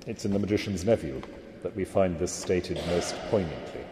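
Deep-voiced man lecturing in an echoey hall. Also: noisy background. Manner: measured, reflective, emphatic. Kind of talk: literary lecture with read-aloud passages. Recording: echoey hall with long reverb.

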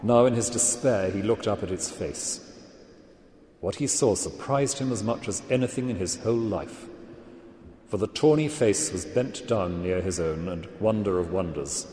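A man giving a measured, reflective literary lecture and reading passages aloud. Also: lowish voice, dark tone. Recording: echoey hall with long reverb.

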